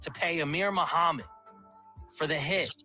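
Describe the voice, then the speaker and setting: A man narrating a documentary in a measured, clarifying way. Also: a little high, bright, forceful tone, faint music behind. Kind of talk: scripted narration.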